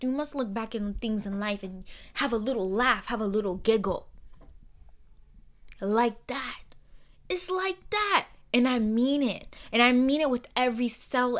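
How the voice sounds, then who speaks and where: A young woman hosting her own podcast, talking alone in a blunt, heated, profane way that swings between soft and loud. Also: fairly high pitch. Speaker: podcast host. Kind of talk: emotional solo podcast monologue.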